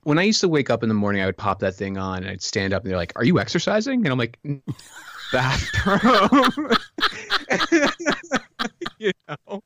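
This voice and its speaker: A man's voice: fairly low pitch, big pitch swings, racing, few pauses, slight background noise. A man chatting casually, telling stories with lots of filler words and laughs. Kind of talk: casual chat.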